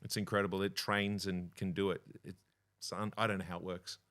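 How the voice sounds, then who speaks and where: A relaxed Australian man, a comedian and impressionist, chatting casually as a podcast guest and laughing easily. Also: deep voice, moderate pace.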